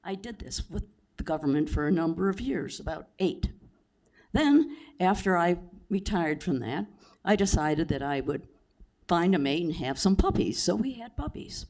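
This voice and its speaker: A man voicing a retired old male talking dog, telling his story slowly and contentedly. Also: sits high, lively intonation, gravelly, darkish tone.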